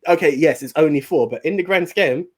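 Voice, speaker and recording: A man's voice: a little high, fairly quick, husky. A British man co-hosting a casual movie podcast, chatty and friendly. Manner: chatty, calls others bro. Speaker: podcast co-host.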